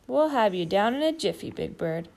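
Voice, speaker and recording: A woman's voice: mid-range voice, big pitch swings, moderate pace, creaky, darkish tone. A woman voicing a helpful, practical construction worker in a storybook reading. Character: helpful male construction worker, grown man.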